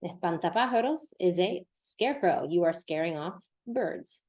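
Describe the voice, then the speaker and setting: Woman teaching Spanish on a podcast. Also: fairly low pitch. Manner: lively, repeats words slowly to model pronunciation. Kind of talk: casual podcast lesson.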